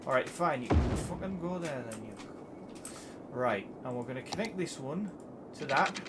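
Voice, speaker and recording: A man's voice: medium pitch, lively intonation, normal speed, over loud music. A man streaming a city-building game, swearing constantly in a put-on Geordie accent. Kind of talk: casual gaming livestream banter. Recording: noisy stream audio.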